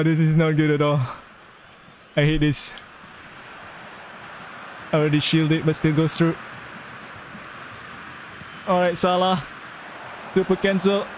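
A man's voice: a little high, a little hiss or hum. A young man giving gameplay commentary, talking himself through moves and groaning or cheering at each play. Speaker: gamer.

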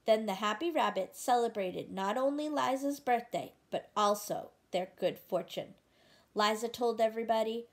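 A woman reading a picture book aloud, gently pausing to ask the listener questions about the story. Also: fairly high pitch. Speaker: storybook reader.

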